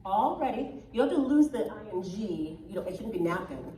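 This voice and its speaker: A woman's voice: medium pitch, lively intonation, fairly quick, a crowd in the background. A woman with a soprano voice coaching a choir in rehearsal, chatty and encouraging, often checking in with "right?". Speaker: choir clinician giving critiques. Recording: echoey hall, mic far off.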